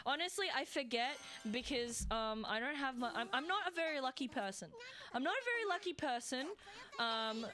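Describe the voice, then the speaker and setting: Bright Australian woman streamer. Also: sits high, expressive, moderate pace, soft background music. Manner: rambling, chatty, with frequent fillers and laughs. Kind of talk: casual live gameplay stream chat.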